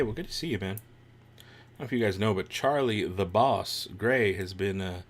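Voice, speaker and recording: A man's voice: on the low side, normal speed. A man hosting a live watch-along stream, chatting casually with viewers, reacting to the show and laughing often.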